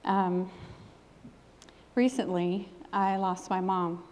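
A woman's voice: on the low side, slow pace, a little mellow, slight background noise. A middle-aged woman preaching a sermon with a personal testimony, in an earnest, emphatic preaching cadence. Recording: long hall reverb.

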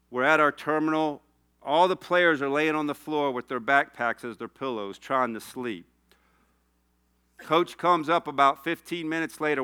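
A man's voice: medium pitch, pushed and bright, clear, resonant tone. A man preaching a sermon, telling a personal story and rising to passionate appeals. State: tearful.

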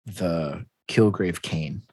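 A man talks through a comic story in a casual, animated way, often slipping into quick impressions of the characters. His voice sits on the low side and is a little husky. It is recorded close and dry. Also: no echo. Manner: animated retelling, acting out characters' lines, laughs often. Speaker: comic book recapper. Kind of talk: casual chat.

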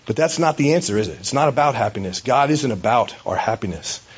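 A man's voice: medium pitch, lively intonation, quick pace, husky, lo-fi sound. A man preaching a sermon as a pastor, in a conversational, storytelling way with hesitations.

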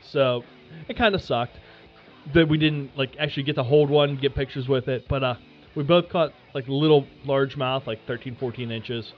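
A podcast host spinning a casual story, animated and swearing freely with lots of fillers. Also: male voice, mid-range voice, normal speed, muffled recording, faint music behind.

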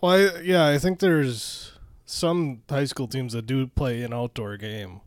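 A Minnesotan man co-hosts a casual movie podcast and drops wry jokes and laughs into the chat. His mid-pitched voice is recorded dry and close. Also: dry recording. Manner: wry, quick to laugh, joking asides. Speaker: podcast co-host.

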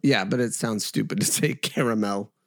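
A man's voice: on the low side, normal speed, no room sound, studio quality. A man from New Jersey co-hosting a podcast in casual chat, playful, argumentative and mock-indignant. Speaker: podcast co-host.

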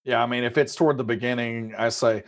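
A man's voice: mid-range voice, fairly even intonation, quick pace. A man playing a tabletop game, talking through his character's choices with amusement. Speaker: player. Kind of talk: casual tabletop play.

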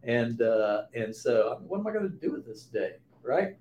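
A man's voice: medium pitch, very animated, moderate pace, darkish tone. A man in his fifties, a podcast guest, speaking reflectively and repeating words as he gets started. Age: 50s. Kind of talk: conversational interview. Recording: roomy echo with faint noise.

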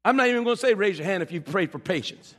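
A man preaching a sermon as pastor, animated and teasing, with shouted peaks and asides to the congregation. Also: sits high, racing. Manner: humorous, teasing. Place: church sanctuary. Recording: long hall reverb in a church.

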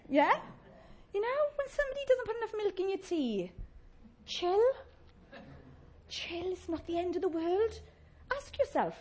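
Lively, jokey woman preacher. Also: high voice. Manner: chatty, jokey, acts out complaining voices. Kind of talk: humorous sermon.

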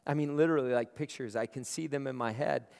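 A man's voice: medium pitch, fast, creaky, a little mellow, smooth. A male pastor preaching a conversational sermon, often repeating words as he starts his phrases. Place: large room. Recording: long hall reverb.

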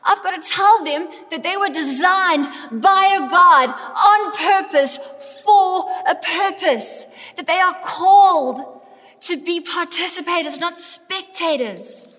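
A middle-aged woman preaching a lively sermon in a church, building up to emphatic calls to her congregation. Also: extremely high pitch, slow. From South Africa. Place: church hall. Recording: long hall reverb.

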